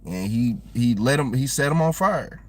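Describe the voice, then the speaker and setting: A young man with a Southern American drawl, talking off the cuff on a livestream. He rambles in a slangy, animated way, and his voice sits at an ordinary middle pitch. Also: moderate pace. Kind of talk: casual livestream chat.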